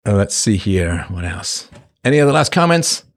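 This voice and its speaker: Fifties male livestream host, low-ish voice, playful and jokey, casual chat. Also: very animated, moderate pace. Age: 50s. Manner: playful, jokey, slips into silly put-on voices.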